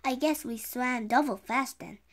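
A woman's voice: fairly high pitch, measured pace. A woman reading as careful bookish boy Jack. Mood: earnest. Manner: reads with slight stumbles. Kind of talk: read-aloud storybook dialogue.

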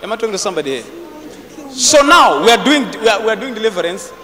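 A man leads a deliverance sermon in a high, sharp voice. He repeats himself and bursts into shouts. The sound is echoey, as from a hall, with faint noise behind. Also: sing-song, quick pace. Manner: forceful, repetitive, bursts into shouts. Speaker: prophet preaching.

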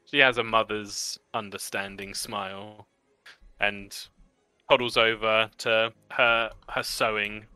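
A man narrating as game master for a tabletop role-play game, describing scenes in a warm, descriptive manner and laughing easily. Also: lowish voice, flat delivery, slow, clean tone, no echo, faint music behind.

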